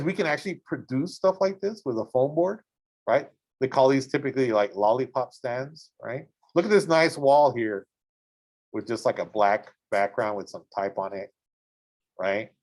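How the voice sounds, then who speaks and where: Enthusiastic male art teacher. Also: medium pitch. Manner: enthusiastic, exclaims over images and keeps checking in with "right?". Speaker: high school art and design teacher. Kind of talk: casual classroom instruction while browsing images. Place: school art classroom.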